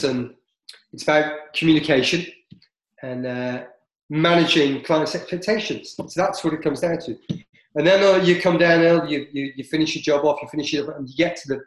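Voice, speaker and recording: A man hosting a casual podcast chat, rambling and hesitant with lots of fillers. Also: a little high. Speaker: podcast host. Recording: echoey room.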